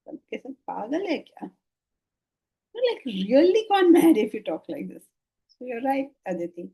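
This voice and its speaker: An older woman with an Indian English accent giving a spiritual lecture on scripture, lively and full of rhetorical questions and laughter. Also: sits high, a little fast, pauses often, breathy edge, low-quality recording. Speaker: Vedanta teacher.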